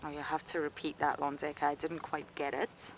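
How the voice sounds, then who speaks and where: A woman's voice: low-pitched, flat delivery, brisk, slight background noise. A woman safari guide giving chatty live wildlife commentary outdoors on a game drive, often laughing and dropping to a whisper near the animals.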